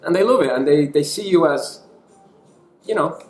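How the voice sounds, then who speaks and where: A man's voice: a little high, animated, moderate pace, soft background music. An Irish man giving a casual teaching talk, chatty and self-deprecating, mixing in bits of other languages. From Ireland. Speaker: online English teacher. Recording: echoey room.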